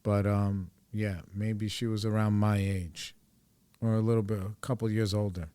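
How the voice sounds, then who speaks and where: Low-voiced man in his forties, rambling. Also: little pitch movement, moderate pace, dark tone, smooth, no room sound. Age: 40s. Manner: rambling, profane, candid. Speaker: podcast host. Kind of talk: casual personal storytelling.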